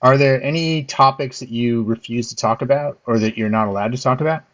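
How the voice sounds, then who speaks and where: A man's voice: medium pitch, a little fast, muffled recording. A man from the Philadelphia area, chatting casually with frequent restarts and easy laughs. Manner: hesitant, restarts often, laughs easily. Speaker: host. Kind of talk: casual chat.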